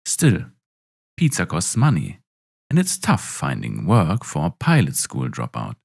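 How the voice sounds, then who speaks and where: A man narrating a story in a wry, expressive way. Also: very deep voice, unhurried, creaky, slightly rough.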